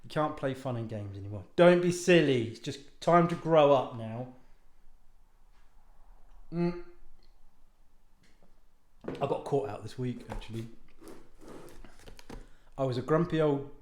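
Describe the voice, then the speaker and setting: A man's voice: medium pitch, animated, measured pace, long pauses. A man talking casually to viewers at home, rambling off on tangents, mocking himself and swearing now and then. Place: home lounge. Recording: roomy echo.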